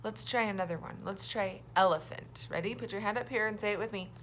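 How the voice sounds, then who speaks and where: A young woman teaching a phonics lesson to young children, talking in a cheerful, self-deprecating way and stretching out words slowly for them to repeat. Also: mid-range voice, a little hiss or hum.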